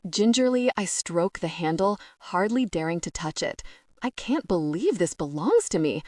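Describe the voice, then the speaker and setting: British lady reading a first-person audiobook, lowish, expressive, wry, no room echo. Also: moderate pace, studio quality. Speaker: audiobook narrator.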